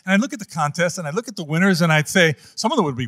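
A fast, animated man tells stories in an interview, his pitch swinging high and low as he gets worked up. He talks emphatically and slips into other people's voices to act out a scene. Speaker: wildlife photographer guest.

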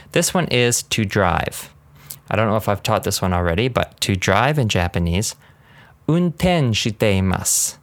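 A man giving a casual podcast language lesson, rambling and laughing often, drilling words slowly. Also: sits low, creaky, no echo. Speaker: language teacher.

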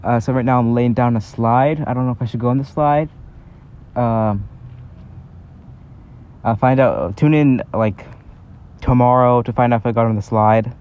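A man chatting in a casual, rambling vlog from a park, talking haltingly with lots of fillers. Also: mid-range voice, a little mellow, dull audio, a little hiss or hum. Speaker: vlogger. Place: outdoors in a park. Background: faint breeze and park ambience.

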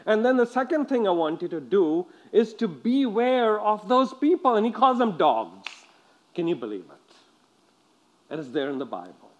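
Lively man preaching a sermon, slightly raised voice. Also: fairly high pitch. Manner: lively, repeats words, asks the congregation questions.

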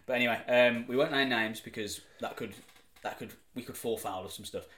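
A man's voice: medium pitch, brisk, fairly bright tone. Chatty man in an echoey room. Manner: laughs often, loose storytelling with swearing. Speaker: podcast co-host. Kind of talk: casual chat.

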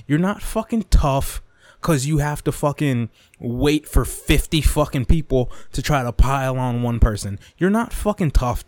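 A podcast host venting in a profane, rambling rant, punctuating everything with "dude" and "okay?". His voice sits a touch high for a man. The sound is close and dry, with plosives popping into the mic. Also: a little mellow, no echo. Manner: heavy swearing, fills with "dude" and "okay?". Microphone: close desk mic without pop filter.

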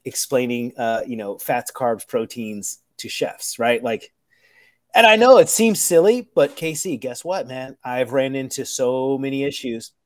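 A male chef rants casually to camera, looping through fillers and restarts as he swears his way through his points. His pitch sits in the middle of the range, and he acts out kitchen conversations in quick quoted voices. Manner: animated, rambling, profane, many fillers and restarts. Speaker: professional chef.

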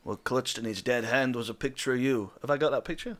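A man playing a hot-tempered, hard-boiled male police detective, talking in a gruff, theatrical noir drawl. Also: mid-range voice, fast, fairly bright tone, close to an everyday voice.

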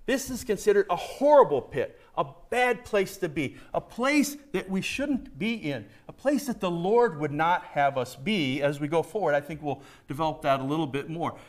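A middle-aged man gives a conversational sermon in a slightly high voice. He is folksy and emphatic and keeps turning to the congregation with questions, like a preacher who knows every face in the pews. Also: lively intonation, normal speed, hardly any pauses.

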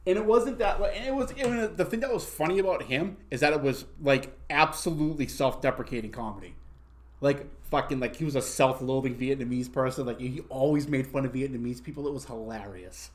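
A man's voice: mid-range voice, fairly quick. A young man hosting a podcast, chatting casually with lots of swearing and restarts. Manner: rambling, swears, many restarts. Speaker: podcast host. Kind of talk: casual chat.

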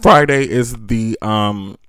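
A man's voice: lowish voice, slow pace, heavy background noise. A man in his forties hosting his own radio show in a casual monologue, profane and exasperated, laughing often.

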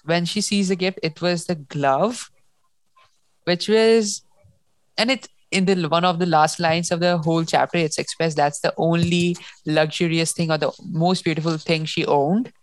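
Book-podcast co-host, woman, low voice, emotional and rambling, dry sound. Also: fairly even intonation, normal speed, no room sound. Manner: emotional, restarts and gushes about the story. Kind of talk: casual book discussion.

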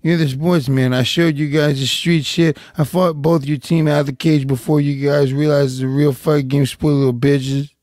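A man's voice: a little high, little pitch movement, moderate pace, hardly any pauses, a little mellow, no echo, clean studio sound, lightly acted. A man impersonating a defiant male fighter who hurls blunt, slangy insults. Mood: insulting. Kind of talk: podcast impression bit.

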